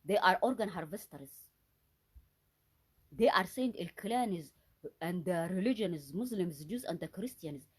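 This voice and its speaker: A woman's voice: on the low side, expressive, measured pace, pauses often, breathy edge. A woman delivering an unscripted solo monologue, agitated and accusatory, often stopping to restart and repeat her words for emphasis. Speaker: vlogger.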